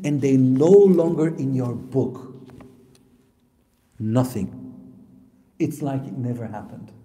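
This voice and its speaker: A man preaching a sermon who swings between loud, emphatic lines and soft, low asides, often asking the audience questions and answering them himself. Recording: echoey hall with long reverb.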